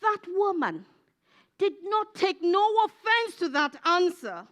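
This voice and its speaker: Lively, high-voiced woman preaching a sermon. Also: takes it slowly. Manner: emphatic, repetitive, rising to fervent peaks. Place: church.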